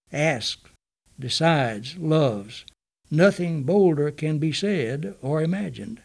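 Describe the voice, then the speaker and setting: A man reading a Bible study text aloud in a measured, deliberate way, pausing to cite chapter and verse. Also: a little high, a little mellow.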